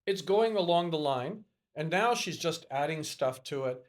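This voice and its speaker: Middle-aged male podcast guest, higher voice, animated storyteller who acts out the quoted dialogue. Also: normal speed. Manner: lively, acts out dialogue in a raised voice. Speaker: podcast guest, educator and networker.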